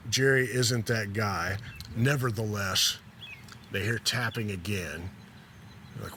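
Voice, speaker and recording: A laid-back man of middle pitch relaxes into a story, reading passages from a memoir in a casual, self-deprecating way. There is a faint hum of the room behind him. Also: a bit bright. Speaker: host telling a story.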